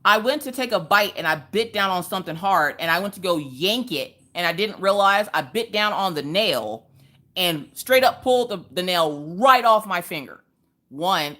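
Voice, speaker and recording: Fairly quick and with lively intonation, a Southern US woman chats at full volume with viewers during her casual live stream. She lets out high squeals as she greets each of them.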